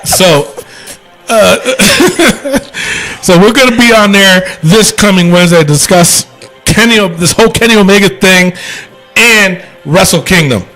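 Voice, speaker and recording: Chatty, higher-voiced man. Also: measured pace, soft background music. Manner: rambling, animated, laughs often. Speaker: podcast co-host. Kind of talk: casual wrestling chat.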